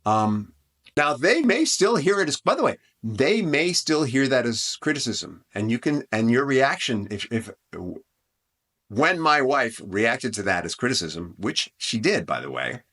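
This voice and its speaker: A man's voice: medium pitch, big pitch swings, a little slow, a bit bright. A man hosting a relationship advice podcast, talking in an earnest, conversational way with frequent restarts and asides. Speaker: podcast host.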